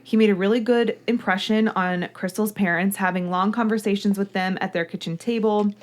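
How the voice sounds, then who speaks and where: A talkative woman hosts a true-crime podcast, gushing over small things before she settles into telling the case. She sits close to a studio mic, and her voice sits at an everyday middle pitch. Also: steady tone, fairly quick. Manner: chatty, gushing, reads listener mail aloud. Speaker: podcast host. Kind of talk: casual true-crime podcast chat and narration.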